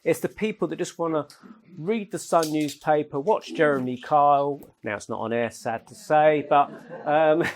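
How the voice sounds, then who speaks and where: A man's voice: on the high side, moderate pace, a little hiss or hum. Chatty man giving a paranormal talk. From England. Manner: chatty, anecdotal, laughs at own jokes. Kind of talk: informal lecture with anecdotes. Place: lecture room at an event.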